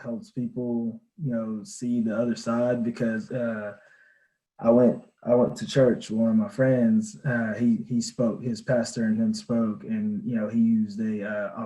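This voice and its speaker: A man speaking as a panelist in an online discussion, halting and full of filler words. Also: medium pitch, dark tone, reverberant, rough recording.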